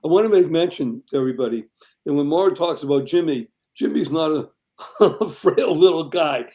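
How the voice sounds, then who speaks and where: A man's voice: fairly high pitch, animated, fairly quick, warm tone. A man hosting a podcast panel, thanking his guests in an appreciative way. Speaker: show host.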